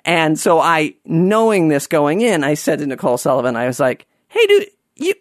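A man's voice: fairly high pitch, moderate pace, no echo, clean studio sound. A man casually telling an anecdote, rambling with lots of fillers and restarts.

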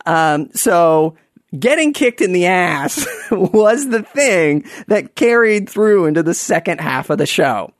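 A man telling a personal story to an audience in a self-mocking, halting way, with many restarts. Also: high voice, big pitch swings, dry recording, studio quality.

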